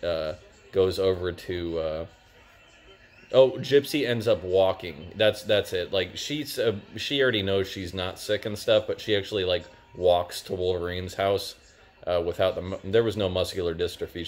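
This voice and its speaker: A young man with a deep, low voice talks through a TV review in a loose, rambling way. He keeps reaching for "like" and "uh" as he goes. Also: fairly even intonation, moderate pace. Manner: rambling, lots of "like" and "uh". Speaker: TV show reviewer. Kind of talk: casual spoken review.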